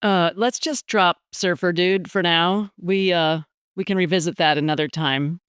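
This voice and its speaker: A woman's voice: lowish voice, moderate pace, a bit bright, clear, resonant tone, no echo, studio quality. A woman hosting a podcast, talking casually and with some amusement, using fillers. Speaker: podcast host.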